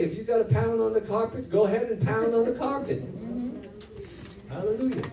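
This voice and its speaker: A man's voice: high voice, normal speed. Man preaching in an echoey church. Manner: animated preaching, acts out Bible scenes in voices. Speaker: pastor. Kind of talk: sermon. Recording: roomy echo, from a distance.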